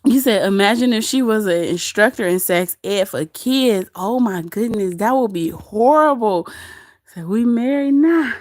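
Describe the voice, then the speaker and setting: A woman's voice: on the high side, animated, measured pace, darkish tone, dry recording, clean studio sound. A woman hosting a casual livestream, gossiping about another streamer and laughing often as she reads the chat. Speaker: livestream host.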